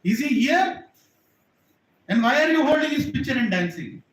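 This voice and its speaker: A man's voice: extremely high pitch, lively intonation, normal speed, a bit bright, voice pushed up. A man putting on a puzzled temple priest. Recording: echoey hall, distant mic.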